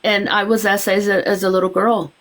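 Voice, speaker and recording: A woman in casual live stream chat, speaking in a lively, expressive way. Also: mid-range voice, a little fast.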